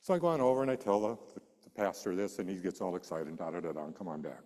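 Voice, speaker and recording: A man's voice: deep voice, quick pace. Man preaching in a reverberant hall. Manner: animated storytelling, acting out quoted voices. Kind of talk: sermon storytelling.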